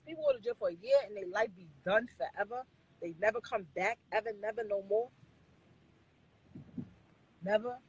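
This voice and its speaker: A woman's voice: a little high, big pitch swings, moderate pace, gravelly, pauses often, a little mellow, slightly rough, dry recording, low-quality recording. A woman in her forties, ranting bluntly and profanely at her viewers on a phone live stream.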